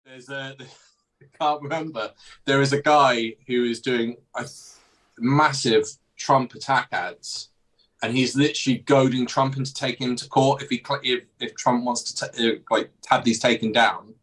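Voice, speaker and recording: Man, podcast host, casual political chat, rambling, mid pitch. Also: fairly even intonation, moderate pace, a bit bright, low-quality recording. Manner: rambling, restarts his thoughts.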